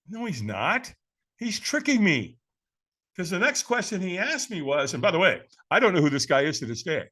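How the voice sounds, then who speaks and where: Older man in his seventies, high voice with bright edge, animated podcast-guest storytelling, casual "man" talk. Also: normal speed. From California, USA. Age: 70s. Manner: lively, acts out quoted voices, says "man" often.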